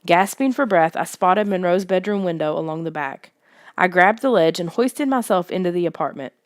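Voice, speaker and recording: A woman reading a first-person story aloud in steady, even narration. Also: lowish voice, moderate pace, no room sound, studio quality. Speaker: audiobook reader.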